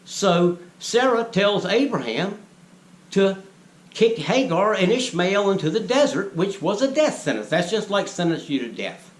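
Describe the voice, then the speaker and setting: A man's voice: high voice, big pitch swings, unhurried. Scolding man lecturing into the camera. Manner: lecturing, scolding, asks the viewers rhetorical questions. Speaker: vlogger. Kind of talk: preachy monologue to camera. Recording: echoey room with faint ambient noise.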